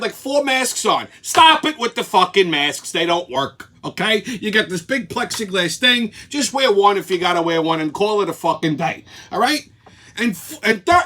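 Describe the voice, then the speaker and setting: A man's voice: high voice, bright, forceful tone. A man hosting his weekly show, telling an angry, profane story. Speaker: show host. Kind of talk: ranting weekly commentary.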